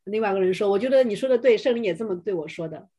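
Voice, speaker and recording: A woman's voice: medium pitch, lively intonation, dark tone, slightly rough. A woman interprets a sermon live, one phrase at a time. She sometimes hesitates and restarts with fillers while she follows the preacher. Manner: hesitant, fills pauses with 'uh'.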